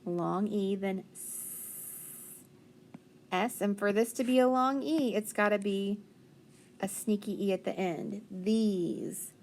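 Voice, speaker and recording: A woman's voice: medium pitch, vocal fry, a little mellow, a little hiss or hum. Patient woman teaching phonics. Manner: patient, encouraging, sounds words out slowly. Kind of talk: phonics lesson for young children.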